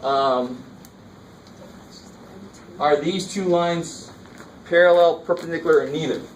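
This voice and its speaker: A man's voice: on the high side, slow, far from the mic. A man teaching a college math class in a casual, engaged way, often checking that students are following along. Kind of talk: classroom lecture. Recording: roomy classroom recorded from afar, faint noise.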